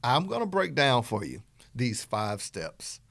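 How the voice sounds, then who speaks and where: Male middle-aged podcast host with a Southern accent, animated motivational coaching tone, very lively pitch, dry recording. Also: a little slow, gravelly, no echo. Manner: animated, playful, acts out dialogue in quotes. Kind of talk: energetic motivational talk.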